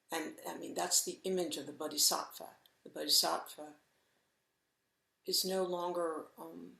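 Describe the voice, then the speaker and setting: A middle-aged woman gives a Zen dharma talk at an unhurried pace, her lowish voice carrying a gravelly edge. She speaks gently and reflectively, with soft pauses. The room around her is echoey. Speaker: Zen teacher.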